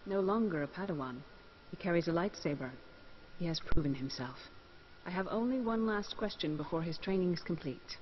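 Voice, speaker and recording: Brief: actress as calm woman Jedi master, lowish and measured, faint ambience. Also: lo-fi sound, slight background noise, lightly acted. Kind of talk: video game voice acting.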